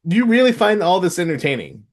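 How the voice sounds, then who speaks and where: A middle-aged man co-hosting a podcast, arguing hotly and incredulously, his voice jumping up in loud outbursts. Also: sits high, sing-song, quick pace. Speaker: podcast co-host. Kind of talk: heated casual podcast debate.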